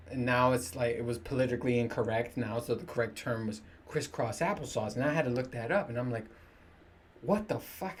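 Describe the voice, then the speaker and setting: A man's voice: medium pitch, a little hiss or hum. Profane, laughing man ranting to camera. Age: 30s. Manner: profane, joking, laughs often. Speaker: podcast host. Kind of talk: casual solo rant to camera.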